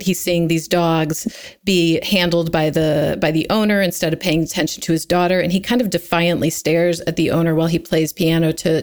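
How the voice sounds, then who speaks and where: A woman in a casual film chat, laying out her points in a measured, analytical way. Her voice sits somewhat low.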